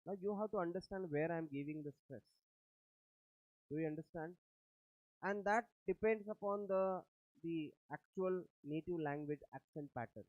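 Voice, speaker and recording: A male lecturer with an Indian English accent and a slightly high voice explains points step by step at a moderate pace, often checking whether his class understands. The audio is dry and tinny, close to a phone line, with no room sound.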